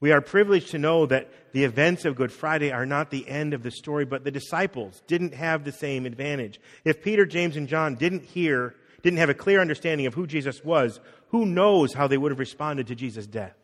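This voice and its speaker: A man's voice: fairly high pitch, fairly quick, few pauses. Conversational man preaching in a hall. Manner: conversational, acts out quotes, drops soft on key words. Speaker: pastor. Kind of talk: sermon. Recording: long reverb of a hall.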